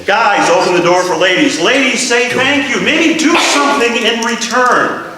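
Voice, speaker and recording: A man's voice: very high-pitched, moderate pace, a little hiss or hum. A man preaching a sermon, telling funny stories and bantering with the congregation. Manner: animated storytelling, jokes with the congregation. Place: large church hall. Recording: echoey hall, from far off, congregation audible.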